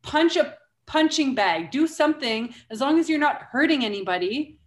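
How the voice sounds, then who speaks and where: A woman's voice: high voice, expressive, normal speed, roomy sound. A woman speaking bluntly in a casual podcast conversation, swearing freely and laughing often. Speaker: guest, founder of a mothers' group.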